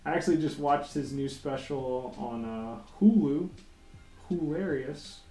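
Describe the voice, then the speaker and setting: A man's voice: a little high, a little slow, dark tone. A man chatting casually while drawing on a livestream, rambling, swearing freely and laughing often. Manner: laid-back, rambling, profane, laughs often. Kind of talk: casual chat. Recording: roomy echo, faint music behind.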